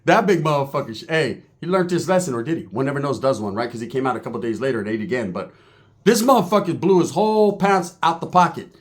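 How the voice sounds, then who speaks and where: A man's voice: medium pitch, expressive, quick pace. A man telling a crude prison story, swearing freely and acting out the other people's voices. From California. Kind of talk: profane storytelling monologue.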